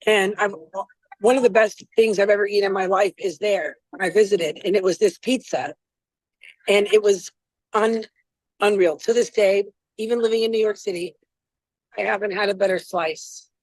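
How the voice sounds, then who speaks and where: A woman's voice: mid-range voice, steady tone, moderate pace, a little mellow, no echo, rough recording. Chatty rambling woman chef, dry sound. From Florida, US. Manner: chatty, rambling, self-deprecating. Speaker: chef and guest. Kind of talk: casual interview chat.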